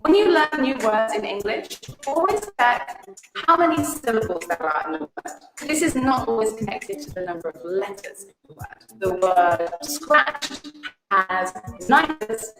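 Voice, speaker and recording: A woman narrating a scripted pronunciation lesson in a lively voice that swoops up on stressed words. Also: fairly high pitch, moderate pace. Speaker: pronunciation teacher in a video. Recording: echoey room with music behind.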